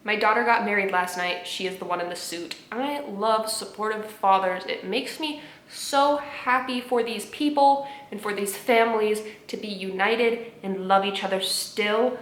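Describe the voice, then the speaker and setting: Young woman, home vlogger; sarcastic and animated, mid-pitched, with a roomy apartment echo. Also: moderate pace, few pauses. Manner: sarcastic, animated, laughs often, swings between loud outbursts and muttered asides. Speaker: video creator reacting to memes. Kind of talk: casual commentary vlog.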